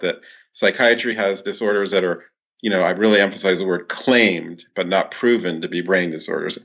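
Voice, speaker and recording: Deep-voiced guy explaining stuff, lots of "you know", kinda dull lo-fi sound. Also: fairly bright tone. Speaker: clinical psychologist guest. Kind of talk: interview answers.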